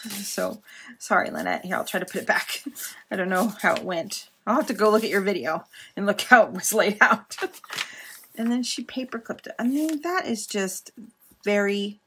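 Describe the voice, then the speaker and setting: A woman's voice: mid-range voice, animated, normal speed, bright, forceful tone, a little hiss or hum. A woman vlogger gushing and giggling as she chats through a mail unboxing. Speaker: planner and journal vlogger. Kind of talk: casual unboxing chat.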